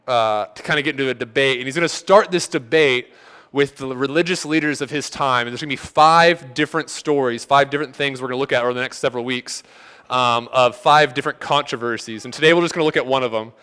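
A male pastor preaches in a loose, conversational way. His voice is bright and a touch high. He tells stories and acts out both sides of the dialogue. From United States. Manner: conversational storytelling with quoted back-and-forth. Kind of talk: sermon.

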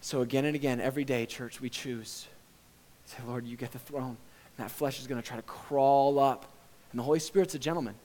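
A male pastor preaching a sermon in a conversational, earnest way that often swells into impassioned shouting. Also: mid-range voice, a little fast, big-room sound, slight background noise.

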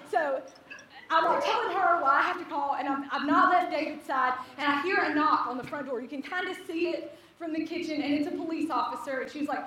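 A young woman telling a funny personal story to a live audience, animated and laughing as she acts out the people in it. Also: high voice, fairly quick, noisy background. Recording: echoey hall, distant mic, audience.

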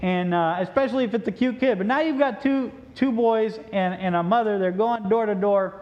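A male preacher telling a story in a sermon, animated and joking, on a dull lo-fi recording. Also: sits high, moderate pace.

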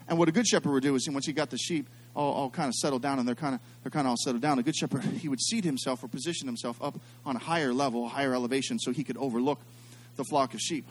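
A middle-aged man preaching a sermon as a pastor, telling stories and swinging between quiet, hushed passages and loud, excited ones. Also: mid-range voice, fast.

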